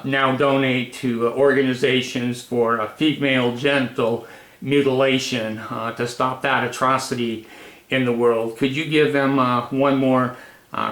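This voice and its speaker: An elderly man in his eighties talks in a flat, monotone way, rambling with many fillers. His tone is affectionate and casual. The sound is echoey, as in a bare room at home. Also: medium pitch. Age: 80s. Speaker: host. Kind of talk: casual home video talk.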